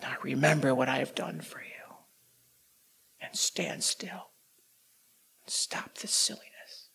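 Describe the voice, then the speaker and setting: A man voicing God as a calm, firm male divine voice, speaking slowly and quietly in a gravelly, husky tone. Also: medium pitch, in a whisper, voice pushed down, full character voice. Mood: stern.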